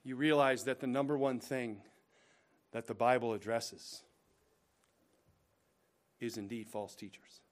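Man, pastor preaching, mid-pitched voice, rises to emphatic bursts, sinks to hushed slow asides, rhetorical questions. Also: fairly even intonation. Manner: addresses listeners directly with rhetorical questions. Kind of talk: preaching a sermon.

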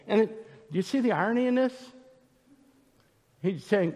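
A man's voice: on the high side, lively intonation, unhurried, darkish tone, big-room sound. A man preaching a sermon, emphatic and retelling scripture scenes with voices.

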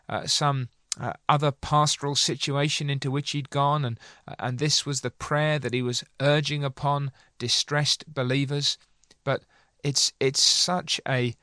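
A man giving an earnest sermon, reading old sermon passages aloud and commenting on them, slowing down to press his points. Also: mid-range voice, fairly bright tone, smooth, dry recording, studio quality. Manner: earnest, slows for emphasis, pleading. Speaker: preacher.

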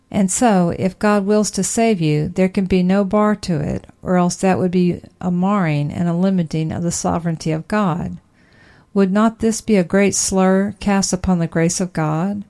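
Woman reading a sermon, low register with heavy vocal fry, measured and emphatic. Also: dark tone. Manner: measured, emphatic preaching delivery. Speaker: sermon reader. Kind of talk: read-aloud sermon.

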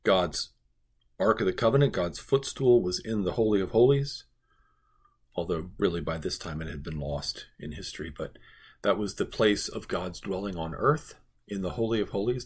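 Male pastor, low husky voice, earnest devotional teaching, emphatic repetition. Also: moderate pace. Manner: earnest, emphatic, repeats phrases for stress.

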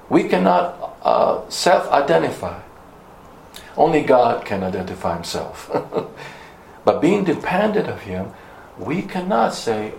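A man's voice: fairly high pitch, creaky, roomy sound, a little hiss or hum, rough recording. A man preaching a sermon, emphatic, repeating key words for stress, with some ums and uhs.

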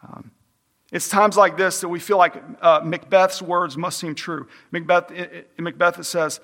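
A pastor preaching a sermon, emphatic and repeating key phrases for stress. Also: male voice, high-pitched, little pitch movement, normal speed, pushed and bright, in a large hall.

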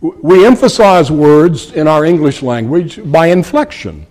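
A preacher delivers an expository sermon unhurriedly, his fairly high, darkish voice swinging widely in pitch to stress words. Animated and earnest, he repeats key phrases, calls listeners friends, and a long reverb tail follows his voice.

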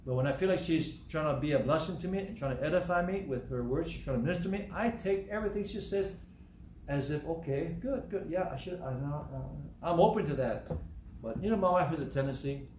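A man's voice: on the high side, quick pace, a little mellow, roomy sound, a little hiss or hum. A man with a Southern American accent, preaching a sermon in a folksy, conversational way with personal asides, then leading a prayer. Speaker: pastor.

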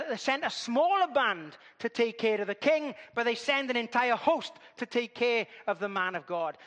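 A man's voice: very high-pitched, fairly bright tone, big-room sound. A man preaching a sermon, telling the story with animation and acting out voices.

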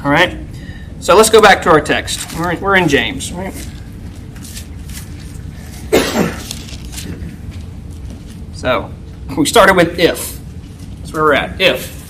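A man's voice: takes it slowly, pauses often, slight background noise, rough recording. A man preaching a sermon in a conversational way, often checking in with "right?". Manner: conversational, keeps asking "right?"; acts out a yelling teacher in a loud, high voice.

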